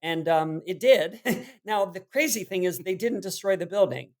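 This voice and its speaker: Laughing, animated male actor guest. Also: sits high, moderate pace. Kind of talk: casual interview chat.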